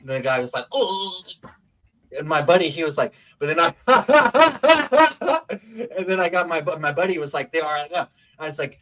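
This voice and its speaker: A man's voice: fairly high pitch, moderate pace, a little hiss or hum. A man casually telling a wild story on a talk stream, swearing a lot and acting out what people said. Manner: profane, animated, acts out quotes.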